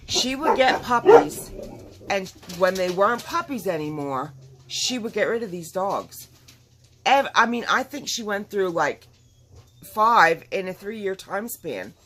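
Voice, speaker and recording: A woman's voice: medium pitch, very animated, a little slow, very noisy. A woman vlogging at home in casual chat, talking in an emphatic, rambling and outspoken way. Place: at home with dogs nearby.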